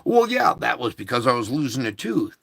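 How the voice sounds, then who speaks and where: A man voicing a dismissive, matter-of-fact male doctor in a retold story, with a gravelly voice. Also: medium pitch, very animated, brisk, a bit bright, no room sound, studio quality, full character voice.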